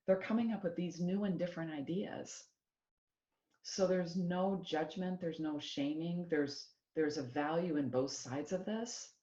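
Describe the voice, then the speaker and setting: A middle-aged woman from Iowa, an executive coach giving an animated presentation and acting out quoted voices. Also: lowish voice, measured pace. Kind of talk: motivational presentation. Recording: echoey room, dull lo-fi sound.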